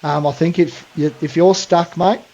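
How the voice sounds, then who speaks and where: A man's voice: fairly high pitch, fairly even intonation, normal speed, warm tone, dull audio. An Australian man co-hosting a podcast, talking bluntly in casual chat and calling people mate. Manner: blunt, ranting, says mate a lot. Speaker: podcast co-host.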